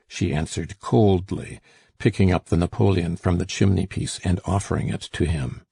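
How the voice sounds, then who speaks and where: A man narrating a classic novel as an audiobook in a measured storytelling manner. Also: deep voice, vocal fry, mellow, husky, no room sound. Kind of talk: scripted narration.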